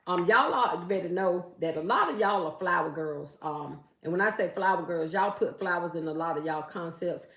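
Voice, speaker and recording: A woman's voice: lowish voice, moderate pace, few pauses, a bit bright. A woman hosting a casual live stream from home, chatting with viewers and reading their comments aloud as she talks about her gift basket making. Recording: roomy echo.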